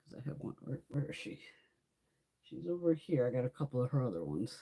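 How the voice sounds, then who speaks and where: A woman's voice: very deep voice, big pitch swings, fairly quick, mellow, husky. A woman hosting a live beauty stream, chatting casually while trying on makeup, laughing often and swearing freely. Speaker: beauty livestream host. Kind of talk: casual chat during makeup try-on.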